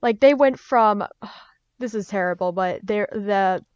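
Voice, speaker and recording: A woman's voice: medium pitch, slow, clean tone, dry recording, muffled recording. A young woman, a guest on a podcast, chatting casually and acting out voices as she tells her stories. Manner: lively storyteller, acts out her parents' voices. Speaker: guest, artist and fursuit maker.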